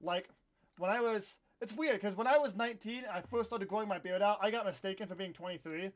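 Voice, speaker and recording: Young guy from iowa streaming a game, kinda high voice, rambly chatter, random loud yelps. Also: brisk. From Iowa, USA. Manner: rambling and chatty, with sudden loud outbursts during play. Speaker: livestream host. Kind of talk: casual live gameplay chat.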